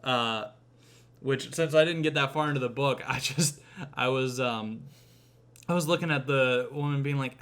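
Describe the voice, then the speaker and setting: A man's voice: medium pitch, normal speed, fairly bright tone, clean tone. A young man hosting a podcast, casually retelling a film's plot with lots of fillers, swearing and acted-out quotes. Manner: rambling, acts out quotes, frequent fillers and cursing. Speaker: podcast host.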